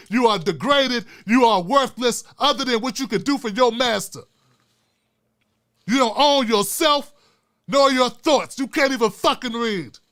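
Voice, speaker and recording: A middle-aged man hosting his own online show, ranting with fiery, profane, preacher-like repetition and swinging from hushed asides to shouting. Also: very high voice. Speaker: YouTube show host. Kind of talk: impassioned vlog rant.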